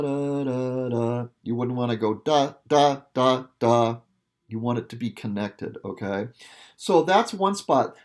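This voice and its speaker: A man's voice: mid-range voice, a little mellow. A male music teacher explaining a piece to students in a casual, patient way, often checking in with "okay". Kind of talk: instrument lesson talk.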